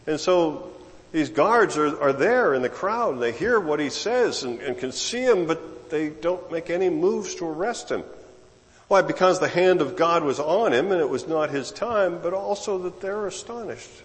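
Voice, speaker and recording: A man preaching a sermon in a conversational way, repeating words and adding lively asides. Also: on the high side, moderate pace, long reverb tail.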